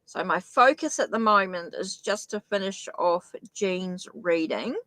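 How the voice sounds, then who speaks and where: A woman's voice: on the low side, a little slow, fairly bright tone, dry recording, poor audio. A middle-aged woman with a New Zealand accent, chatting her way through a live-streamed tarot reading, thinking aloud with frequent restarts. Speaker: tarot reader.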